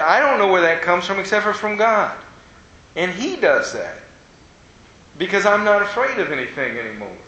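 High, bright-voiced male preacher in an echoey room. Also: dull audio. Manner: animated storytelling with playful asides. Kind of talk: conversational sermon. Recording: echoey room with faint rumble.

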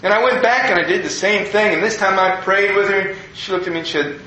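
An older man, a pastor, telling a personal story in a folksy, animated way. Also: high-pitched, fast talker. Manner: folksy, animated storyteller, acting out quoted people. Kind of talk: personal story told to an audience. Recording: very echoey room, faint ambience.

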